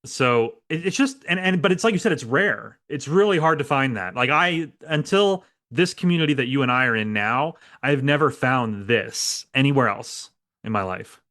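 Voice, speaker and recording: A man's voice: mid-range voice, animated, moderate pace, a bit bright. A man hosting an interview podcast, chatty and friendly, laughing often and restarting his sentences. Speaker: podcast host. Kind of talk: casual interview chat.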